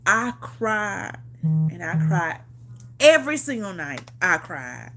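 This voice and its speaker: A woman's voice: on the low side, big pitch swings, slow pace, a bit bright, slight background noise. A woman vlogger telling a personal story in a casual chat. She talks emphatically, repeats herself, swears freely and laughs often. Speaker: vlogger on a livestream.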